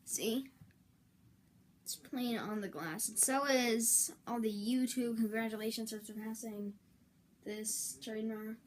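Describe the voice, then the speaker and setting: High-voiced woman rambling slowly. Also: steady tone, a little hiss or hum. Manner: rambling, self-interrupting, with melodramatic outbursts. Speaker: YouTuber. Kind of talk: casual vlog talk.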